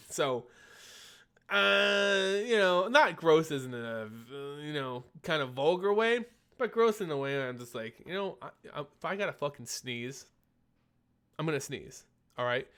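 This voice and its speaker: A young man chats through a relaxed live stream, answering his viewers one question after another. His voice sits a little high for a man and is slightly phlegmy. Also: unhurried, clean tone. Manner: chatty, reads and answers chat questions. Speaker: streamer host. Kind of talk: casual live-stream chat.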